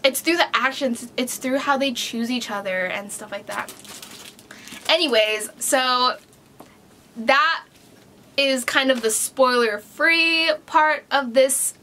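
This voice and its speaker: A young woman in her twenties casually reviewing a romance novel, chatty and animated, with lots of fillers and some swearing. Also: fairly high pitch. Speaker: book reviewer.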